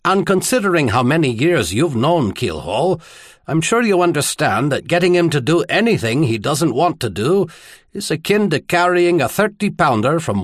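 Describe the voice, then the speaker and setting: A man's voice: on the high side, no echo, voice pushed up. A man voicing a stern, wry navy admiral. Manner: dry, firm, wryly commanding. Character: stern seasoned male navy high admiral.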